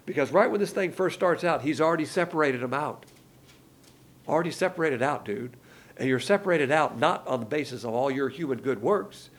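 A gravelly, husky man preaching a sermon. His pitch swings widely as he drives his points home. He talks in a colloquial, emphatic way, dropping slangy asides. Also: animated, a little fast.

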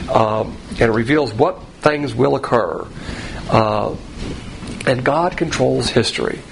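A man giving an expository Bible sermon in a plain, conversational teaching tone, rising sharply in pitch to stress key points. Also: creaky, a little hiss or hum, low-quality recording.

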